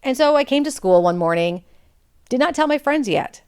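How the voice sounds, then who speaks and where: Woman podcast host, candid chatty storyteller, smooth voice. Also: sits high, expressive, moderate pace, darkish tone. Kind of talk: personal storytelling.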